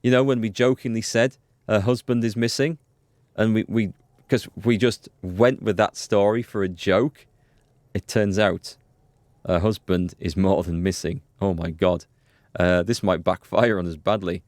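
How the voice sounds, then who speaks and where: A man's voice: lowish voice, steady tone, darkish tone, dry recording. A man hosting a let's play, chatting and musing aloud as he plays. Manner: chatty, musing, quick to exclaim. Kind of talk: gameplay commentary and reading.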